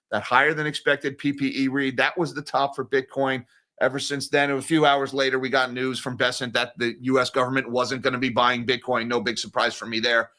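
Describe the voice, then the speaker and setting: Bright-voiced, sarcastic market-news host. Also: male voice, medium pitch. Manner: sarcastic, animated, jokey asides. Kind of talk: casual daily market commentary.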